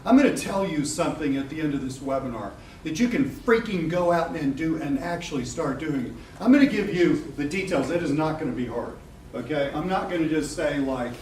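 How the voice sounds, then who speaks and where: A man's voice: a little high, animated, brisk, a little mellow. A middle-aged man giving a live webinar talk to a room of people, candid and joking, swearing and laughing often. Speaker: webinar presenter. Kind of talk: casual live talk to an audience. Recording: echoey room from a distance with background noise.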